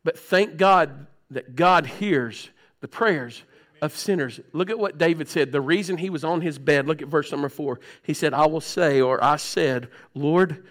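A middle-aged man preaching a sermon, swinging from loud outbursts to hushed low tones and often clearing his throat. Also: unhurried. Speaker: pastor.

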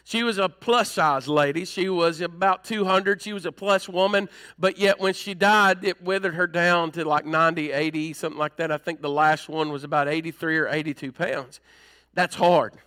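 A male pastor delivering an emphatic sermon, climbing higher as he presses his points. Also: steady tone, moderate pace, sharp tone. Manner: emphatic, rising in pitch when preaching hard.

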